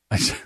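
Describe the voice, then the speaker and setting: On a dry, studio-quality recording, a middle-aged man co-hosting a podcast spins long, wandering stories in casual conversation. He's an animated storyteller who doesn't hold back on swearing.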